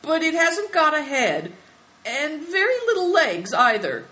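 A woman's voice: sits high, big pitch swings, measured pace, sharp tone, pitched above the performer's own voice, full character voice, low-quality recording. A woman reading a storybook, voicing a timid, anxious young boy who speaks hesitantly. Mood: nervous. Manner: hesitant, worried.

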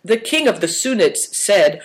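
A man reading aloud who voices a sensible young boy who speaks softly, earnestly and formally. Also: high voice, big pitch swings, normal speed, pitched above the performer's own voice, poor audio.

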